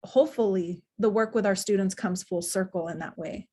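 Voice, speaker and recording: A woman, an educator, speaking thoughtfully in a webinar talk, with frequent small pauses. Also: medium pitch, mellow, a little hiss or hum.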